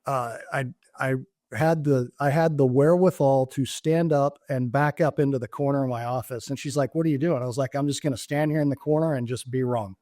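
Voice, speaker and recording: A man, a former military officer turned business executive, telling lively stories in an interview and acting out the dialogue. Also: mid-range voice, fairly quick, dry recording, clean studio sound. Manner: animated storyteller acting out dialogue. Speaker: guest, former Navy SEAL turned company executive. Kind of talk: storytelling in a casual interview.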